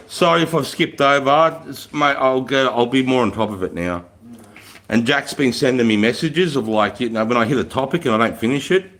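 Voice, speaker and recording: A man's voice: on the low side, fairly bright tone. Swearing Australian man in his forties. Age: 40s. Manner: swears freely, laughs often, matey banter. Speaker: livestream host, retired soldier. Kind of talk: casual livestream chat with viewers.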